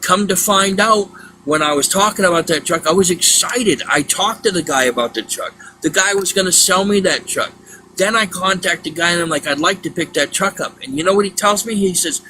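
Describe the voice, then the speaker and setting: Man, livestream host, casual, halting, repeats words, bright tense tone, light background noise. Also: high voice, low-quality recording. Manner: halting, repeats words, exasperated then apologetic.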